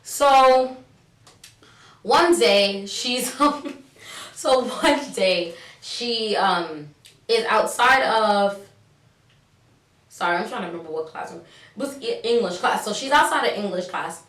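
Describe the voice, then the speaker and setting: In a roomy recording captured from a distance, a young woman from New York narrates a slangy, casual vlog story and lively acts out what people said. Her mid-range voice takes its time, pausing often.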